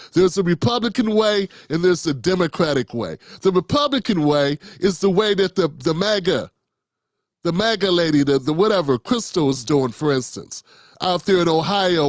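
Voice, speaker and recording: Guy with a high voice riffing on politics, blunt and cussing, lots of restarts, dead dry mic. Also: no room sound. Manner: blunt, profane, rambling with many restarts. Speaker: political commentary host. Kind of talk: unscripted political commentary.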